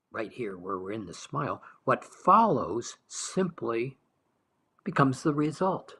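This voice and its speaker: A man with a husky, breathy voice guides listeners through a meditation-style talk. He speaks gently and unhurriedly, drawing out key words and now and then sinking into a near whisper. His pitch sits in an ordinary middle range. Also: very animated. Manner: soft, slow, dwelling on words, dropping to whispers. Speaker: spiritual teacher.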